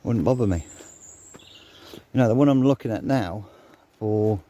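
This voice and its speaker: A man's voice: lowish voice, normal speed, mellow, muffled recording. Blunt older man, short of breath. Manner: blunt, swears freely, grumbling. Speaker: vlogger. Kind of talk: casual ranting monologue.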